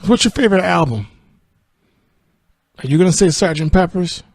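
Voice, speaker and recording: A man casually voicing an eccentric, menacing male cartel boss who loves a famous band, with a slightly gravelly voice. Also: high voice, expressive, normal speed, no echo, clean studio sound, pitched above the performer's own voice, exaggerated voice. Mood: smug.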